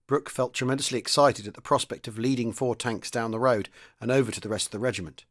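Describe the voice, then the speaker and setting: In an audiobook-style reading, a male podcast host works through a chapter of a wartime novel, lightly voicing the characters. He talks fast, in a medium-pitched voice with a fairly bright tone.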